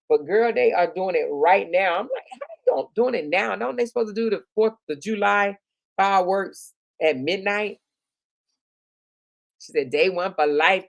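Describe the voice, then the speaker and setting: A woman hosting a live stream with a gravelly edge to her voice, reading out viewers' comments. She talks in a chatty, affectionate way, calling people honey and girl. The recording is dry and close, with no room sound. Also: medium pitch, no echo. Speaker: YouTube live stream host.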